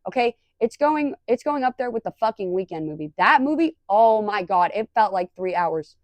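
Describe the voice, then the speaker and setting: A woman's voice: medium pitch, expressive, normal speed, dry recording. A young woman casually ranting through a movie review, exasperated and swearing, with lots of rambling restarts.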